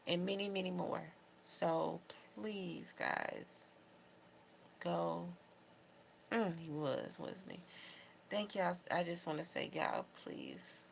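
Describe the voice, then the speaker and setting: Low gravelly-voiced woman vlogger. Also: steady tone, slow pace, pauses often, a little hiss or hum. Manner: emotional, heartfelt rambling. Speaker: beauty vlogger. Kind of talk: casual talk to camera.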